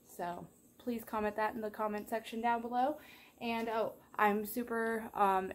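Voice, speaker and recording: A woman's voice: mid-range voice, darkish tone, slight background noise. A young woman chatting casually in a daily vlog, bubbly, rambling and self-deprecating. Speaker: vlogger.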